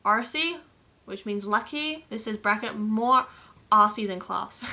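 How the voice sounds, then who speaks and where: Young aussie girl from adelaide, bright voice, chatty and giggly, reading slang off a list. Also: medium pitch, measured pace. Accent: South Australian. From Australia. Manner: chatty, playful, laughs at the entries. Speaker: vlogger.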